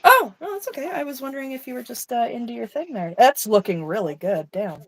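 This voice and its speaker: A woman's voice: on the high side, fairly quick, a little mellow, dry recording, low-quality recording. A woman co-hosting an art stream over a video call, chatting casually and emotionally as she paints, swearing now and then. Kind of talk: casual chat while painting.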